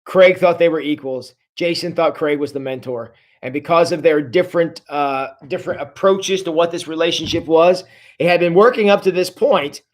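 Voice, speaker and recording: A man leading a church book discussion, earnest and halting, with many restarts and fillers. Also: fairly high pitch.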